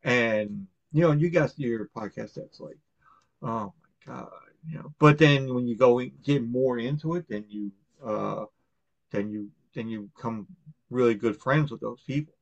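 A podcast host from Long Island talks in loose, rambling casual chat, full of fillers, restarts and easy swearing. His voice sits at an average pitch for a man. The recording is dry and somewhat dull, with a lo-fi sound. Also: moderate pace, creaky, no room sound. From Long Island, New York.

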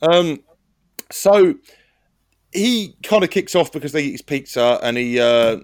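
A man's voice: a little high, animated, measured pace, no room sound, clean studio sound. A man co-hosting a podcast, chatting casually with swearing and jokey banter. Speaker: podcast co-host. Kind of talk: casual chat. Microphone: podcast mic.

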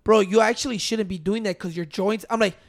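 Very high-voiced man teasing in slang. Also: fairly even intonation, fairly quick. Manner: teasing, profane, mixing English and Spanish. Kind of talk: casual chat.

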